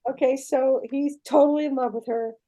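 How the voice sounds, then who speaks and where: Older woman, animated storyteller. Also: sits high, moderate pace, muffled recording. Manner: animated storyteller who checks in with the listener. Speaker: guest. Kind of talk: storytelling in a podcast interview.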